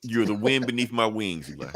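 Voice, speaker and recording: A man hosting a podcast in casual chat, profane and animated, laughing often and jumping high in pitch when worked up. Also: slight background noise. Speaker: podcast host.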